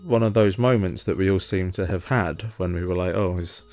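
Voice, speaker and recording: A British man in his thirties telling a sweary, animated story on a casual podcast, acting out what people said. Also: low voice, fairly quick. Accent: British English. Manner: sweary, animated storyteller who acts out quotes.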